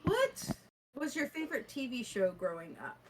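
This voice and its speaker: A woman's voice: high voice, huge pitch swings, moderate pace, noisy background. A young woman co-hosting a casual podcast chat, laughing often as she talks. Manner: giggly, laughs often while talking. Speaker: podcast co-host.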